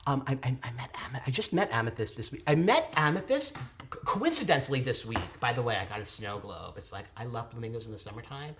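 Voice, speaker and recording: A theatre-loving vlogger reviews a show in a casual, animated way. The voice leaps high and low, and it breaks into playful theatrical asides. The speaker gushes and digresses but always comes back to the show. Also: fast talker, noisy background. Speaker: theatre reviewer hosting own channel.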